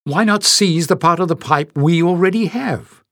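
A man reading an audiobook, voicing a sharp young woman adventurer who raises her voice to probe and question. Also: on the high side, moderate pace, no echo, studio quality, pitched above the performer's own voice. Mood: puzzled.

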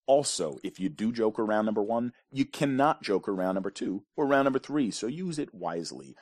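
A man's voice: lowish voice, expressive, fairly quick, a little mellow, dry recording. Dry-voiced man hosting a trivia quiz. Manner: wry asides, dry jokes between questions. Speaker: pub quiz host. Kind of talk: casual trivia quiz reading.

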